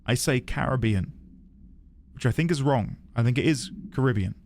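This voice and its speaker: A man's voice: mid-range voice, moderate pace, vocal fry, a little mellow, slight background noise. A man giving casual live-stream commentary, chatting with viewers while he plays and thinks aloud. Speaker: streamer playing a video game.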